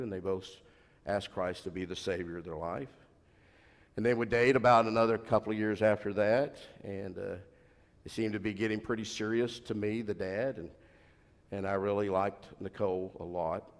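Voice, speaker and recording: A middle-aged man, a pastor, preaching from the front of a church and rambling through family stories with repeats, restarts and laughs. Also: lowish voice. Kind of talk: anecdotal sermon. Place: church sanctuary. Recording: long church reverb.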